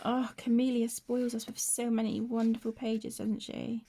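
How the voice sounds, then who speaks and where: A woman hosting a colouring vlog, soft-spoken and gushing, often dropping to a whisper, tired from broken sleep. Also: fairly high pitch, flat delivery, normal speed, few pauses, slight background noise. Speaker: colouring channel host. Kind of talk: casual show-and-tell vlog.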